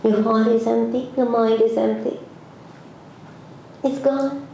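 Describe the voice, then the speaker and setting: A woman's voice: fairly high pitch, steady tone, slow, gravelly, mellow. A woman in her seventies from Hungary, giving an emotional religious lecture full of pleading repeated questions. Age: 70s. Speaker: religious teacher. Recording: echoey room with faint noise.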